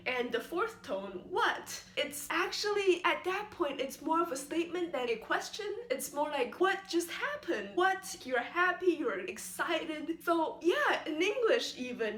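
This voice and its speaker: A young woman YouTuber vlogs casually, explaining things in a playful, rambling, self-mocking way. Her voice is high and a bit bright, and the room she's recording in is echoey.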